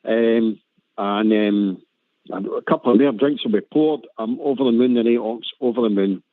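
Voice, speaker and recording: Scottish bloke on the phone, rambling on, tinny and dry. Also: male voice, mid-range voice, normal speed, no echo. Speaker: guest on fan radio show. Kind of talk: casual chat.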